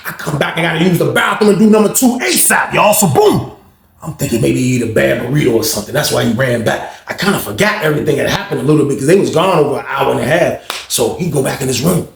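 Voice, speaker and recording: This is a young man with a fairly high voice and vocal fry doing a casual jailhouse storytime. He retells events in animated slang and acts out the quotes, in an echoey room with slight background noise.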